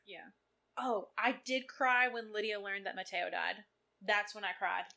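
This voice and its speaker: A young woman co-hosting a podcast, musing about a book in a relaxed, conversational way. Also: medium pitch, a little slow, vocal fry. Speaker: podcast co-host. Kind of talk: casual book-review chat.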